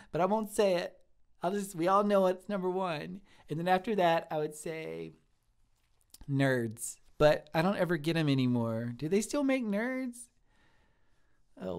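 A man's voice: high-pitched, creaky, smooth, heavily acted. A man voicing a giddy, childlike young woman who works in a kitchen, giggly and scattered as she answers live chat questions. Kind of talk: improvised live-stream character comedy.

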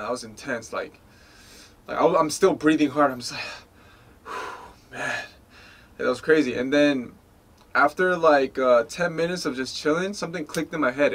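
A man in his twenties from the United States, a guest telling stories in a casual interview, acting out quoted lines with lots of "like" and "you know". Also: mid-range voice. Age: 20s. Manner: animated storyteller, acts out quoted lines.

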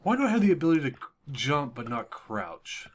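A man's voice: medium pitch, sing-song, fairly quick. Jumpy young man yelping through a horror game. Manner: jumpy, swings from hushed whispers to panicked yelps and swearing. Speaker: gaming channel host. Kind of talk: horror game let's play commentary. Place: at home at a computer with headphones on.

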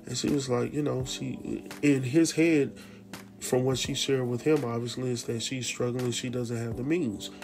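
Guy with a gravelly voice hyped up recapping a show, talking right at you, music going loud behind him. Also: medium pitch, moderate pace. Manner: animated, slangy, talks to viewers directly. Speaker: TV recap host. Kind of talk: casual spoken recap.

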